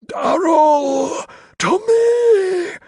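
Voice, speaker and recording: A man's voice: very high voice, lively intonation, drawn-out words, darkish tone, no room sound, studio quality, voice pushed up, heavily acted. A man voicing a frantic male cult wizard who shrieks commands in a gurgling, glutinous voice.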